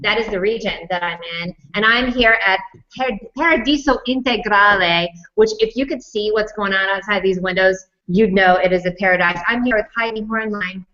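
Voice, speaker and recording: A woman's voice: mid-range voice, normal speed, bright, forceful tone. A woman hosting a casual live chat, bubbly and laughing often. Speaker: livestream host. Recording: dull lo-fi livestream audio.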